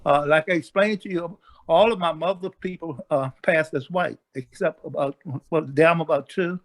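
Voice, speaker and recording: A man's voice: a little high, moderate pace. An older man on a video call, rambling and hesitant as he tells family stories, laughing along. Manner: rambling, hesitant storyteller who laughs at his own tale. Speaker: family member. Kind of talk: casual family chat.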